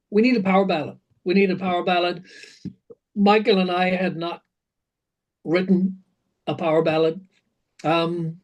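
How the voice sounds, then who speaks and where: An older man, a rock singer being interviewed, telling animated stories, acting out quotes, swearing and laughing. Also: high-pitched, poor audio. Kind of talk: storytelling interview.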